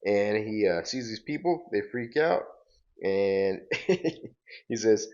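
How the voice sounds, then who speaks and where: A man casually recapping a comic book story in a relaxed, rambling way. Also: fairly low pitch, slow, dull audio. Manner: relaxed, rambling with fillers and laughs. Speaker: comic book reader, host.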